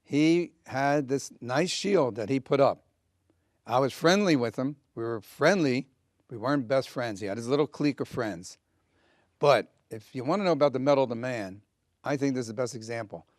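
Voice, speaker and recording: An older comedian, a guest in an interview, earnestly reminisces about old stories and acts out the dialogue in them. He speaks at medium pitch and normal speed, recorded with studio quality and no echo.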